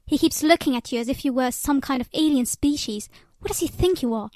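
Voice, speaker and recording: A woman's voice: high-pitched, fairly quick, dark tone, no echo, clean studio sound, lightly acted. A woman voicing an angry young male stableman who growls and mocks, in a read-aloud novel. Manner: bitter, growling, mocking.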